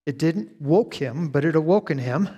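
A man preaching from the pulpit, his voice sitting a little high. He teaches in a measured way and then builds to loud, rising emphasis. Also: lively intonation, husky, lo-fi sound. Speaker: pastor. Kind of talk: sermon.

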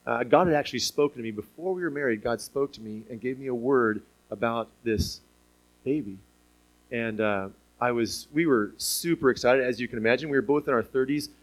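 A man preaching a sermon in an animated way, asking the listeners rhetorical questions and chuckling now and then. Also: mid-range voice, brisk, rough recording.

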